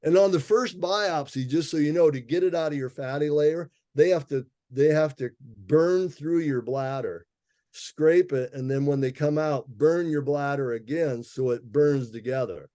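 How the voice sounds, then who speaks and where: A man's voice: on the high side, moderate pace, dark tone, no room sound. A man, an herbalist guest, telling a personal story in a casual interview, laughing often and acting out the people he quotes.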